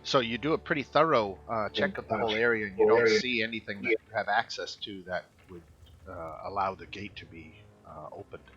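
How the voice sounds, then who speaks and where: A man narrating as dungeon master of an online tabletop game, pausing often with fillers as he reads the rules. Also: lowish voice, a bit bright. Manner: hesitant, many uh fillers while reading rules. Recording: dull lo-fi voice chat with faint music.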